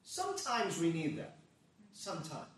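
An earnest male pastor preaching in a church, his fairly high voice rising to forceful emphasis and dropping to quiet asides. The sound is very echoey and picked up from some distance off the mic. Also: huge pitch swings, moderate pace. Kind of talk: sermon.

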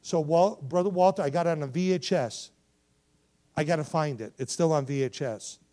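A man delivers a sermon as a missionary, with a fairly high voice. He tells his story in bursts, getting loud at the high points and quiet at the tender ones, and often turns to the audience to ask if they remember. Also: normal speed. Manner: animated, swings from loud to hushed, asks the audience to remember. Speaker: missionary preacher. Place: church.

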